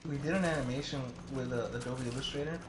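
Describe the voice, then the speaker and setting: A man's voice: medium pitch, fast. A young man chatting casually on a stream, rambling through stories and acting out the quotes in them. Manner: rambling, acts out quotes in story. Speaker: stream co-host. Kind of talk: casual chat and storytelling. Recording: echoey room with loud background noise.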